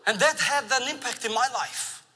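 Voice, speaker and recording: Bright-voiced man preaching in a hall. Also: very high voice, moderate pace, slightly rough. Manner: animated storytelling with laughs. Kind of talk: sermon. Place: large church sanctuary. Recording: long reverb of a large church hall.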